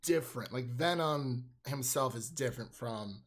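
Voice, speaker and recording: A man's voice: medium pitch, normal speed. Rambling man in casual film chat. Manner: rambling, many fillers and restarts. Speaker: podcast co-host.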